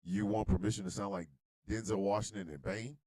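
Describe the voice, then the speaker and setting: A man's voice: fairly low pitch, wildly swooping pitch, brisk, vocal fry, dry recording, pitched below the performer's own voice, exaggerated voice. A man doing a stammering, flustered old grandpa. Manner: hesitant, stammering and soft. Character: flustered older grandfather on the phone.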